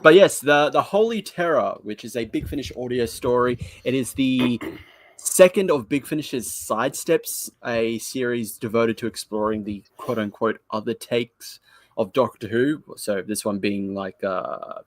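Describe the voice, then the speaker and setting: A man's voice: mid-range voice, a little slow, dry recording. A man co-hosting a live review podcast, chatting casually with jokes, frequent laughs and loose, rambling sentences. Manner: jokey, laughs often, rambling. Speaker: podcast co-host.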